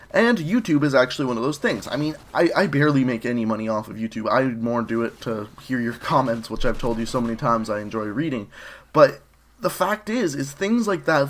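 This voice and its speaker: A young man in his own casual voice at a middle pitch, talking over gameplay. He rambles, circles back and restarts his sentences. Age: young adult. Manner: rambling, conversational, frequent fillers and restarts. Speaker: gaming commentary host.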